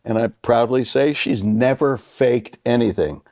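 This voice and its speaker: A man's voice: mid-range voice, measured pace, gravelly, no room sound, clean studio sound. A man in his sixties, a guest on a chat show, telling a story in a casual way and acting out the voices of the people in it. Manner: animated storyteller who acts out quoted voices. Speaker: guest actor.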